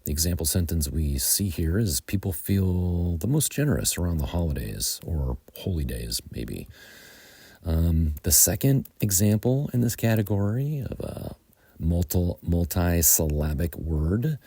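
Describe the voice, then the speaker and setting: Very deep, dark-toned male teacher. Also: lively intonation, gravelly, breathy edge, no room sound. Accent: American. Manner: slow, methodical, with frequent ums. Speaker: English teacher. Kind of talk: explaining grammar to learners.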